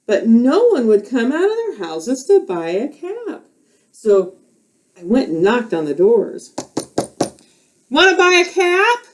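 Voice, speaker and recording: A woman teacher tells a children's story at home and walks young listeners through it. She speaks slowly with a lively, swinging pitch in a fairly high voice. It is recorded on a camera. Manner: slow, animated, teacherly explaining. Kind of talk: storytelling role play for children.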